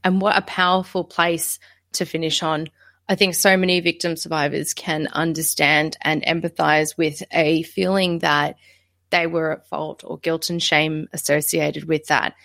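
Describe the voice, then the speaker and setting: A woman podcast host wraps up the episode and speaks straight to her listeners, asking them to support the show. Her voice sits low, and the recording is dry and close. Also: flat delivery, unhurried, gravelly, fairly bright tone, no room sound. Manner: direct address to listeners, promotional. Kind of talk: scripted episode outro.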